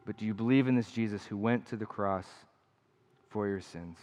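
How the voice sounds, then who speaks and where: A man's voice: fairly low pitch, moderate pace, a little mellow. A man preaching a sermon as pastor, earnest and emphatic, repeating key phrases. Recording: long hall reverb.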